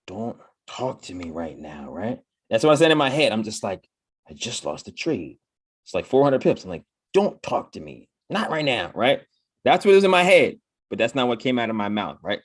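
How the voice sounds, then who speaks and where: A man's voice: mid-range voice, no room sound, clean studio sound. A man giving a casual motivational talk, tagging "right?" onto almost every point and acting out his own inner voice in quotes. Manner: repeats "right?" after nearly every point. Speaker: motivational speaker.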